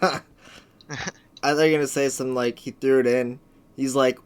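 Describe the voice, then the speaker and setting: A man's voice: mid-range voice, fairly even intonation, moderate pace, clear, resonant tone. A man co-hosting a podcast, chatting casually and joking around. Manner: joking, riffs into silly bits. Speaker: podcast co-host. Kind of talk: casual chat.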